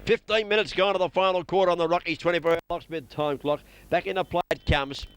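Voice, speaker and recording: An Australian man with a noticeably high voice calls local football in quick, excitable play-by-play. He rattles through every kick and tackle as it happens. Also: clear, resonant tone. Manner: excitable, rapid play-by-play calling. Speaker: play-by-play commentator.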